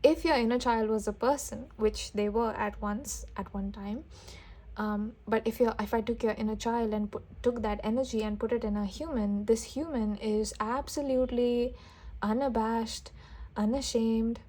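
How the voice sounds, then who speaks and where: A woman tarot reader doing an intuitive reading for viewers, talking gently and with enthusiasm, often restarting and breaking into soft exclamations. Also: on the high side, steady tone, moderate pace.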